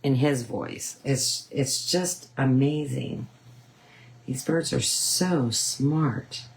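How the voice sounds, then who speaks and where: A woman's voice: very deep voice, drawn-out words, vocal fry, rough recording. A woman hosting a painting tutorial, chatting casually and rambling with frequent ums. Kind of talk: casual chat while painting.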